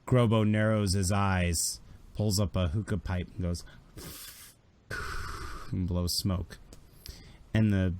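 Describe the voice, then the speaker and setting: A man running a tabletop game as game master, telling the story in a casual, animated way with fillers. His voice sits fairly low. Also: takes it slowly, long pauses, slight background noise.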